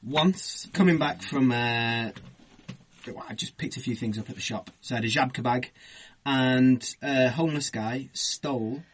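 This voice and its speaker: A man's voice: medium pitch, measured pace, slightly rough. Hesitant man on a podcast. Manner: hesitant, many restarts and fillers. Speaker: podcast co-host. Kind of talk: casual chat.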